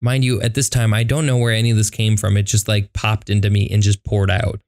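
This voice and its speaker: A man's voice: fairly low pitch, level tone, a little fast, a little mellow, no room sound, studio quality. A young man hosting a podcast, telling a personal story in a conversational way, with lots of fillers and acted-out quotes. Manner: conversational, many fillers, acts out quoted dialogue. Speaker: podcast host.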